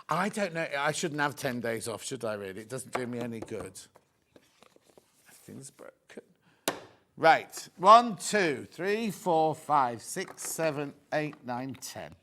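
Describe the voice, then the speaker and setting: A man's voice: medium pitch, very animated, takes it slowly, a bit bright, slight background noise. A middle-aged man presenting a live TV sales show, chatting in rambling, joking asides between prices. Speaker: shopping channel presenter.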